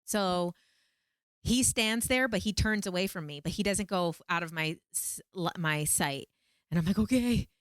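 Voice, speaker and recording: Low-voiced woman telling a story. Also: normal speed, clear, resonant tone, no echo, studio quality. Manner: animated, quotes herself in pleading high voice. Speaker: vlogger. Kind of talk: casual storytelling.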